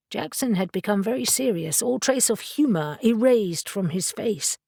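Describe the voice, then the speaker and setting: A woman narrating an audiobook in a steady, measured way. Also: mid-range voice, vocal fry, no room sound, studio quality.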